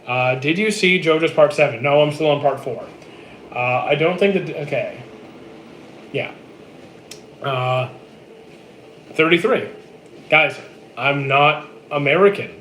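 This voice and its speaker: A man in his thirties from Canada, chatting casually on a live stream and answering viewer comments in a relaxed, dry way. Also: a little high, a little slow, pauses often. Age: 30s. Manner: relaxed, dry, answers chat questions flatly. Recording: echoey room with faint noise.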